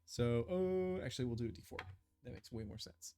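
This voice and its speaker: A man's voice: mid-range voice, expressive, a little fast, mellow, slight background noise. A man running a tabletop game as game master, describing scenes with many fillers and restarts.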